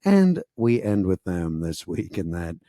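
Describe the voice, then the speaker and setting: A man co-hosting a podcast, recapping a reality show in a sarcastic, animated way with frequent laughs. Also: low voice, a little slow, no echo, studio quality. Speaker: podcast co-host. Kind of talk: casual recap chat.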